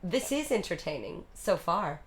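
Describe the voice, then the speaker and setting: A woman voicing a self-assured young female reporter with crisp, quick comebacks, in a solo live-streamed reading of a musical. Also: lowish voice, very animated, voice pushed down. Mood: poised.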